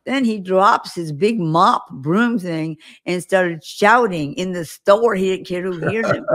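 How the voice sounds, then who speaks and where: A woman's voice: fairly low pitch, unhurried, fairly bright tone. A woman guest on an interview show, earnestly recounting visions and stories with vivid detail. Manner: earnest, vivid storytelling with acted quotes. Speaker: guest prophetic minister.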